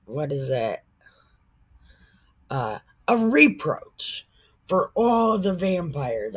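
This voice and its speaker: A woman retells scripture in a profane, joking way, often stumbling over names and words. She talks very slowly, and her pitch swings widely. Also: sing-song. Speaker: Bible storyteller. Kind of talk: irreverent casual retelling of scripture.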